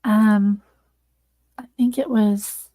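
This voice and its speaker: A woman's voice: medium pitch, fairly even intonation, extremely slow, mellow, dry recording. A woman hosting a livestream, earnestly thanking viewers and close to tears. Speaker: livestream host. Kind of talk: casual livestream sign-off.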